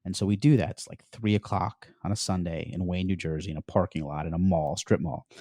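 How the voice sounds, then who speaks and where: A middle-aged man from the United States, a podcast guest recounting his story in an animated way and often saying "like". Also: low-pitched, a little fast, no room sound. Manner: animated storyteller, peppers speech with "like". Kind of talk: storytelling interview.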